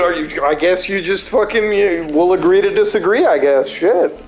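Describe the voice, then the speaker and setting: A man's voice: sits high, normal speed, soft background music. A man streaming a game, chatting casually and ranting with plenty of swearing. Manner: profane, animated ranting. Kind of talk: casual chat while gaming.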